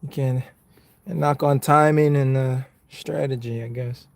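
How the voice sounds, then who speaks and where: A man's voice: medium pitch, fairly even intonation, unhurried, gravelly, no echo. A man, chatting casually with his viewers on a live stream from his car, laid-back and rambling, calling people bro and man. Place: inside a car.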